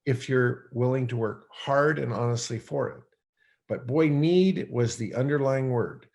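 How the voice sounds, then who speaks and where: A middle-aged man, a podcast guest, telling a personal story in a rambling, animated way with many restarts. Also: mid-range voice, measured pace, creaky. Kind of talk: storytelling in conversation.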